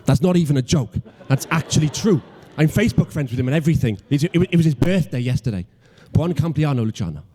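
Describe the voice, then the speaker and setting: A man's voice: a little high, expressive, fast, hardly any pauses, warm tone. A young man in his twenties with a Welsh accent doing a stand-up routine, self-deprecating and mock-logical, with stammering restarts. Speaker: stand-up comedian.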